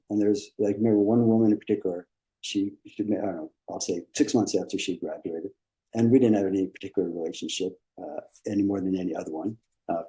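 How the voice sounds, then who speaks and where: A man with a dark, gravelly voice sits low in pitch. He talks as a dentist and coach being interviewed. His talk is casual, rambling and full of repeats and encouragement. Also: low-quality recording. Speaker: dentist and business coach, podcast guest.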